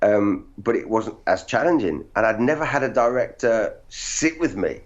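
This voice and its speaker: A man, an actor guest, telling animated, self-deprecating stories in casual interview chat. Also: on the low side, moderate pace. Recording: dull lo-fi audio.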